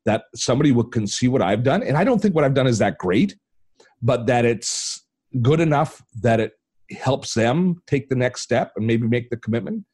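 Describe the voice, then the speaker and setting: A man's voice: normal speed, breathy edge. An older man from Canada, a tech channel host telling a personal story as an interview guest, acting out the voices in his anecdotes. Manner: animated storyteller, acts out quoted dialogue with big pitch jumps.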